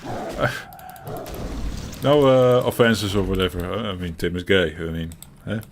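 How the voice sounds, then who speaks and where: A Dutch co-host of a gaming chat show, from the Netherlands, chats casually with a Dutch accent, rambling, chuckling often, restarting a lot and swearing now and then. His voice is low and measured. Typing and background noise are audible.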